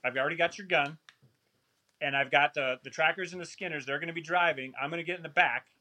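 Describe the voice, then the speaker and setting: A man voicing a male professional hunting guide in a rough put-on South African accent, giving low, steady, urgent instructions. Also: fast talker. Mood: commanding.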